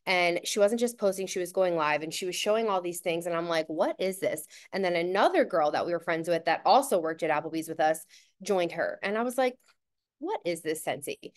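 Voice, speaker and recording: A woman's voice: lowish voice, quick pace. A woman in her thirties from New Jersey hosting a team call from home, chatting affectionately with rambling asides over a video call. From New Jersey, USA. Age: 30s. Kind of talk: casual personal introduction.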